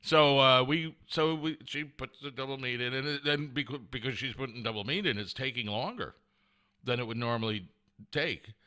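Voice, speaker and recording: A man's voice: medium pitch, moderate pace, pushed and bright. A man hosting his own podcast from home, telling a story in a rambling, self-mocking way and chuckling often. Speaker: podcast host. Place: at home with a cat. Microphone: camera set up at home.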